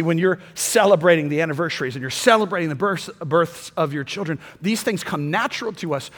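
Impassioned preacher man in a big hall. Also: high voice. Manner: impassioned preaching with sudden loud peaks and soft drops. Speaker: pastor. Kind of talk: sermon.

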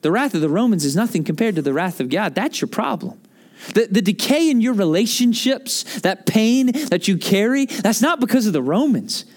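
A man's voice: high-pitched, animated, moderate pace, darkish tone. A man in his thirties preaching a casual, joking sermon with lots of asides. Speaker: pastor. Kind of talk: conversational sermon.

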